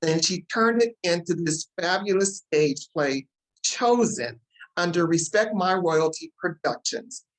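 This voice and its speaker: Woman talk show host, fast and excitable, emotional, lowish voice. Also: poor audio. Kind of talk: enthusiastic talk show hosting.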